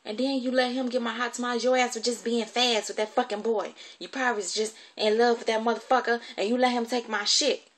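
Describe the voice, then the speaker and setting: A woman voicing a harsh, domineering woman guardian who yells and swears while scolding a child. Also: a little high, steady tone, fast, hardly any pauses, voice pushed up, lightly acted. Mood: furious. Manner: yelling, profane scolding.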